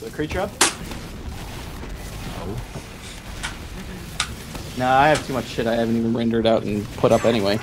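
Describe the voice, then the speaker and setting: A young man chatting on a voice call about rendering and uploading his videos, teasing the others in a relaxed way. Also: medium pitch, normal speed, pauses often, very noisy. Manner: laid-back, teasing, swears casually. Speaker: gamer and video maker. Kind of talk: casual voice call chat.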